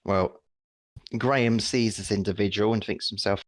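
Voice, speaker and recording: A man narrating as game master in a relaxed tabletop session, laughing easily. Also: lowish voice, moderate pace, no room sound, clean studio sound.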